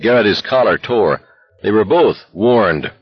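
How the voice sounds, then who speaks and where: A male narrator reads a novel in a steady, intense voice. His tone is very low and husky, with a dry, close sound. The recording itself is dull and lo-fi. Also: measured pace, dry recording. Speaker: audiobook narrator. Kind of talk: scripted narration.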